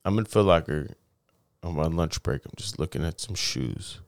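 Guy cohosting a podcast, pitch swinging all over, cussing and doing voices as he tells a story. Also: normal speed, gravelly. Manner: animated storyteller, swears a lot, jumps into high-pitched impressions. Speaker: podcast co-host. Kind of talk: casual chat.

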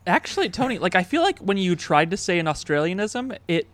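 A man's voice: high-pitched, very animated, normal speed. A man co-hosting a podcast, joking around in casual chat and laughing often. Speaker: podcast co-host.

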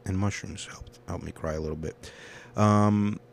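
A young man talks alone on his podcast in a lowish voice. He is candid and rambling, and he swears freely. He shifts between loud, heated rants and soft, quiet confessions. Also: steady tone, moderate pace, vocal fry, a little hiss or hum. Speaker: podcast host. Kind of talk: casual solo podcast monologue.

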